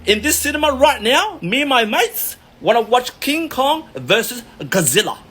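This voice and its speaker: A belligerent, swearing young bloke, as a man acts him out, pitched high and bright. He is dismissive and aggressive, spitting out every word. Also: big pitch swings, normal speed, husky, full character voice. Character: rude, aggressive young male cinema-goer.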